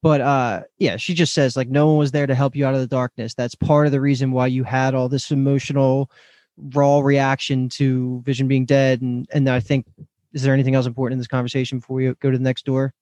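A man's voice: mid-range voice, level tone, a little fast, darkish tone, dry recording. Male co-host, mid-range voice, analytical explainer, dry recording. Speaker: podcast co-host. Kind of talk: casual chat.

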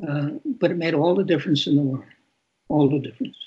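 An older man, an author being interviewed, talking candidly in a reflective, halting way that often repeats words. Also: fairly high pitch, slightly rough, lo-fi sound.

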